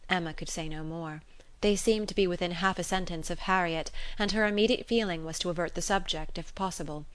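A woman narrating a classic novel in a measured, even storytelling manner. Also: fairly low pitch, clean tone, no room sound. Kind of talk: audiobook reading of a classic novel.

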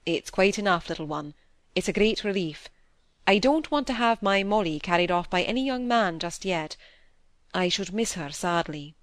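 A woman reading the part of a kind, worried middle-aged male doctor speaking to his daughter, gentle and reassuring. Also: medium pitch, animated, moderate pace, no room sound, natural voice. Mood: tender. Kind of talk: audiobook character reading.

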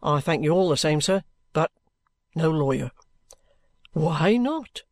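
A man voicing a bluff, steady middle-aged ex-soldier who talks plainly and good-humouredly. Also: fairly high pitch, slow, dry recording, voice pushed down.

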